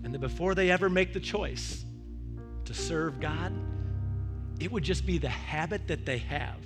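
A man's voice: on the high side, unhurried, over music. A male pastor preaching a verse-by-verse sermon, telling stories and acting out the voices he quotes. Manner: animated storytelling with quoted voices.

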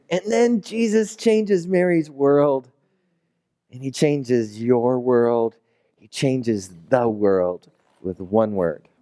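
A man's voice: mid-range voice, animated, takes it slowly, dark tone. A man preaching a sermon as a pastor, in a loose, conversational storytelling way. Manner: conversational storytelling, acting out characters.

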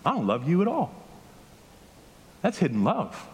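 A man with a fairly high voice preaches in a loose, conversational way, telling stories and checking in with his listeners. His pitch swings widely as he talks. The sound carries a long reverb from a large hall. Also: unhurried. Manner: animated storytelling, questions to the congregation. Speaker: pastor. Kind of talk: conversational sermon. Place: church hall with a congregation.

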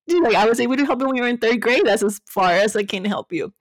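A woman's voice: a little high, lively intonation, quick pace, hardly any pauses, no echo. A woman in her thirties co-hosting a podcast, telling stories animatedly with frequent laughter in a casual chat. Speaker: podcast co-host.

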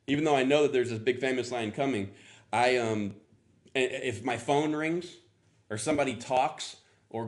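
A middle-aged man preaching a casual sermon, rambling and chatty as he coaxes answers from the congregation. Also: medium pitch. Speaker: pastor.

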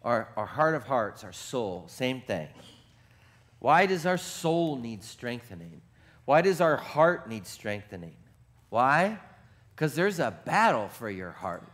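A male pastor preaches a sermon in a medium-pitched, very animated voice, shifting from hushed, reflective passages to shouted, rapid-fire exclamations. He also puts questions to the congregation.

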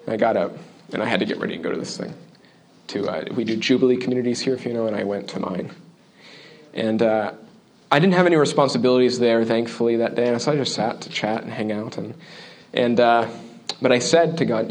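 Preaching with earnest warmth, this male pastor talks at a brisk clip and often asks how the congregation is following. His louder points give way to hushed, low-voiced asides.

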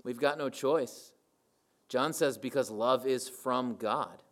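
Man, preaching a sermon, emphatic, repeats phrases, mid-pitched voice. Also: slow. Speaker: pastor.

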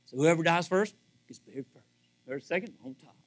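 A man's voice: on the high side, a little fast. A middle-aged male pastor preaching a sermon, acting out little scenes and repeating phrases for emphasis. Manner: animated, acts out dialogue, repeats phrases for emphasis.

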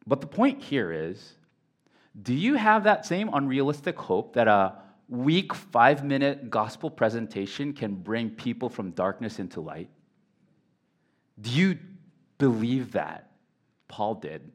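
A man in his thirties, a pastor, preaching a sermon in a casual storytelling way with lively quoted voices and frequent restarts. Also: mid-range voice, measured pace. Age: 30s.

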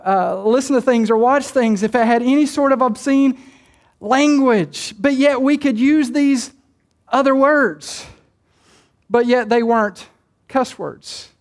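A woman preaching a sermon in a joking way, laughing often and repeating words as she starts her phrases. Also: fairly high pitch.

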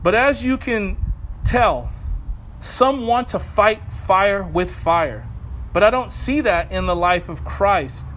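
A man with a notably high voice delivers a sermon outdoors, talking in a loose, conversational way with quick asides and self-corrections. There is faint noise in the background. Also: a bit bright, poor audio. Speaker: preacher.

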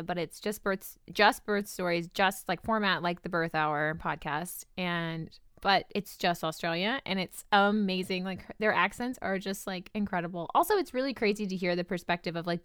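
A woman's voice: fairly low pitch, steady tone, moderate pace, hardly any pauses, a bit bright, clear, resonant tone, no echo, clean studio sound. A young woman co-hosting a podcast, chatting casually in a bubbly, giggly way with lots of "like". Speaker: podcast co-host. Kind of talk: casual chat.

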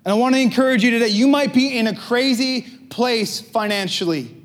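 A man's voice: very high voice, brisk. A pastor preaching a conversational sermon, asking his listeners questions and joking with them.

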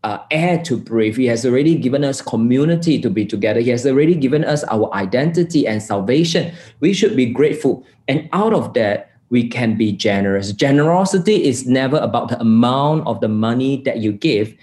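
A man's voice: mid-range voice, lively intonation, a little fast, hardly any pauses, a little mellow. Earnest male preacher, roomy echo. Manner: earnest storytelling, repeats words. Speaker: pastor. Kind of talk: sermon with personal story.

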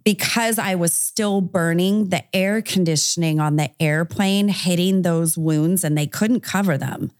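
A woman with a notably low voice speaks as an interview guest on a podcast. She talks candidly and conversationally, with fillers throughout, and the sound is dry and close. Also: a little slow, few pauses, a little mellow, no echo. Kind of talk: interview, recounting personal story.

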